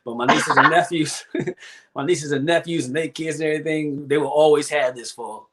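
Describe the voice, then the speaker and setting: A man's voice: on the high side, moderate pace. A man from Cleveland, a guest and event MC, chatting casually and animatedly. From Cleveland, USA. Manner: animated, keeps asking "you know what I mean". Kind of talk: casual chat.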